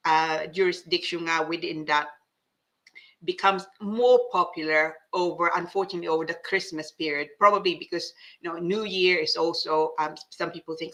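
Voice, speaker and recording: Woman host, breezy English with asides, forceful bright tone, rambling fillers. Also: lowish voice, unhurried. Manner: chatty, mixes English with Tagalog, frequent fillers and restarts. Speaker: host reading viewer comments. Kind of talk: casual live-show chat.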